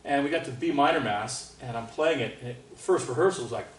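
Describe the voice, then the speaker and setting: A man, a trumpet soloist, teaching a master class in an animated, chatty way and laughing often. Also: medium pitch, fast. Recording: roomy hall from far off, faint noise.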